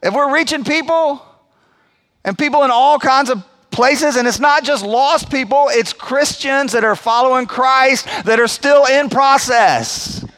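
A man's voice: very high voice, measured pace, fairly bright tone. A man in his forties, a pastor preaching a sermon in a conversational, emphatic way, acting out quotes as he goes.

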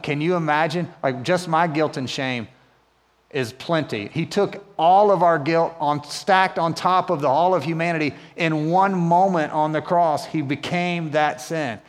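A man preaching a sermon in a casual, conversational way, often asking the congregation questions. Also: medium pitch. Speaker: pastor. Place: church hall. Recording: long reverb of a church hall.

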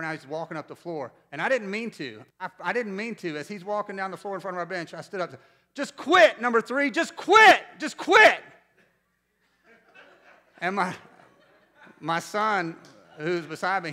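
A man's voice: fairly high pitch, quick pace. A man in his forties from North Carolina preaching a sermon as pastor, telling stories conversationally and asking the congregation questions. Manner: conversational storytelling, animated, asks the congregation questions.

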